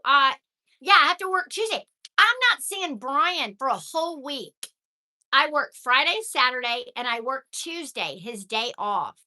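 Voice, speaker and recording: A woman's voice: sits high, sharp tone. An older woman chatting casually to viewers, thanking them by name as she reads comments. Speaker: vlogger reading live chat.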